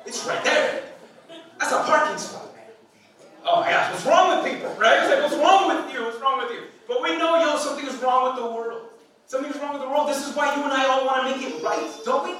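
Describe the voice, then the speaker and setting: High-voiced playful pastor in an echoey hall. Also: male voice, fairly bright tone, far from the mic, slight background noise. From Hispanic background. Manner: playful, conversational, rhetorical questions to the crowd. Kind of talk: sermon. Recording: echoey hall, speaker off-mic.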